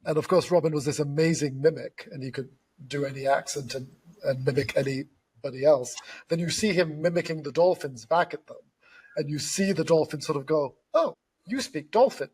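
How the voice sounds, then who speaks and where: A man interviewing in a relaxed conversation, telling stories with animated enthusiasm. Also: a little high, a little fast, slightly rough. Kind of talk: reflective conversation.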